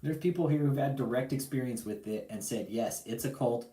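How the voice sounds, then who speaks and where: Medium in pitch and brisk, the man's voice has a dark tone and a reverberant sound. He hosts a livestream and launches into an angry, profane rant, saying things over and over while confronting his target directly.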